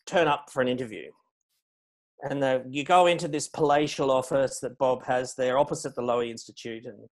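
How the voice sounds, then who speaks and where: A middle-aged man giving a public lecture as guest speaker, measured and anecdotal, stressing key words. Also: mid-range voice. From Australia. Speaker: guest speaker on foreign policy.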